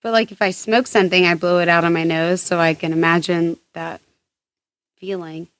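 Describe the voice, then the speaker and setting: A woman's voice: fairly low pitch, fairly even intonation, moderate pace, fairly bright tone, dry recording. A young Southern American woman on a casual podcast, giggling as she reads a listener's email aloud. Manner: giggly, laughs through her reading. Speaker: podcast guest.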